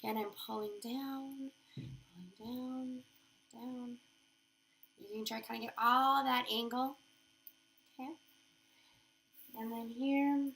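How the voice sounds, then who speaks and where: A woman's voice: on the high side, fairly even intonation, slow, creaky, long pauses, a bit bright. A woman giving a chatty, upbeat how-to demonstration of nail wraps, talking her steps through as she works. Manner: chatty, upbeat, thinks aloud while working.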